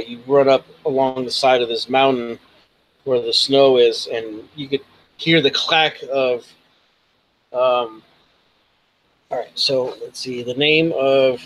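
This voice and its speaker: Casual, cursing game master. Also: male voice, medium pitch, fairly bright tone, low-quality recording. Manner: casual, profane, halting narration. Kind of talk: narrating a tabletop game.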